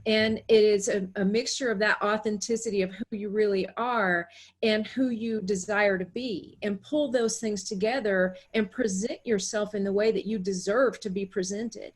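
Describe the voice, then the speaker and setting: A woman's voice: medium pitch, fairly even intonation, normal speed. Enthusiastic, affirming female co-host. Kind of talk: encouraging interview chat.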